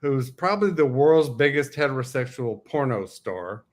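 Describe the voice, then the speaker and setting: A man in his sixties hosts a casual livestream, spinning stories in a wry, joking way. His voice sits at an ordinary mid pitch. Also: expressive, normal speed. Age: 60s. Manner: chatty storyteller, wry and joking.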